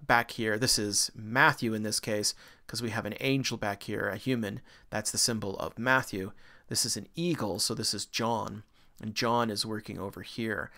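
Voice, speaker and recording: A man's voice: medium pitch, a bit bright. A middle-aged man giving a recorded university art history lecture, talking eagerly through slides. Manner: enthusiastic, pointing things out on slides.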